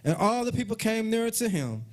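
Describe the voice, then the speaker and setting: A man's voice: high voice, big pitch swings, normal speed. A man reading Bible verses aloud at a live study, calling out verse numbers. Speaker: scripture reader.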